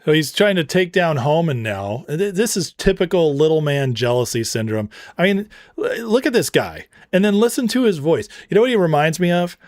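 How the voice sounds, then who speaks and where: A man's voice: fairly high pitch, very animated, moderate pace, no room sound, studio quality. A man hosting a political commentary show, ranting with heated scorn and slipping into storytelling asides. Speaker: show host.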